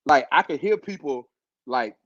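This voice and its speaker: A man's voice: fairly high pitch, lively intonation, normal speed, a bit bright, no echo. Laid-back slangy man, dull lo-fi sound. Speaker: host telling his illness story. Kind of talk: casual storytelling chat.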